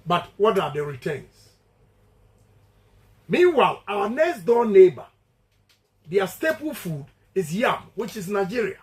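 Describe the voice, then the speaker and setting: A man's voice: high-pitched, very animated, unhurried, pauses often, low-quality recording. A man with a Ghanaian accent giving an emphatic campaign speech, repeating his key points and switching between English and Twi. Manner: emphatic, repetitive and declamatory. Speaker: politician addressing supporters.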